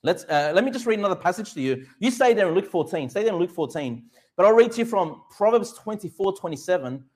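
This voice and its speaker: A middle-aged man with a high voice preaching a sermon. He speaks with emphasis, asking his listeners questions and answering them himself. He draws out the key words of scripture slowly for effect. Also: expressive, a little mellow. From Australia. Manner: slows right down to stress Bible verses. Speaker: pastor.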